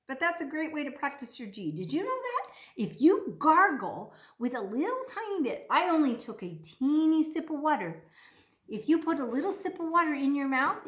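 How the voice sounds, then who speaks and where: A woman with a high, reverberant voice gives a playful speech lesson for children, speaking slowly in an exaggerated, sing-song way.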